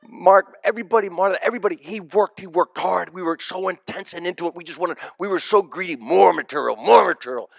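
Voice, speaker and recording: Gravelly high-voiced man telling stories. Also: fast talker, hardly any pauses, no room sound. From United States. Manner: emphatic, repeats key phrases for punch. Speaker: comedian giving a memorial tribute. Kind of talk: stand-up storytelling at a memorial. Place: live event before an audience.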